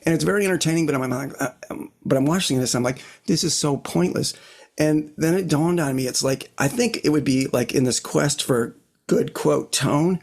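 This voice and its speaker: A man's voice: fairly high pitch, brisk, darkish tone. A middle-aged man co-hosting a casual guitar chat, talking in a rambling, reflective way with frequent "you know what I mean" asides into his own desk mic. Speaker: podcast co-host. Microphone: own desk microphone.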